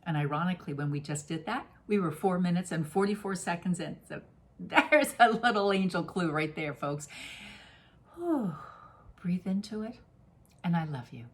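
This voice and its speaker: A woman's voice: on the low side, animated, normal speed. A middle-aged woman giving a casual, effusive spoken oracle card reading, playful and given to sudden exclamations. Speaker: spiritual reader.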